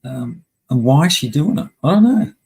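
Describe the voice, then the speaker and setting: Male streamer, husky, blunt and profane, venting to chat. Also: medium pitch, sing-song, moderate pace, a little mellow, rough recording. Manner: heavy swearing, angry and blunt. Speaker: live stream host. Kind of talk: casual live-stream rant.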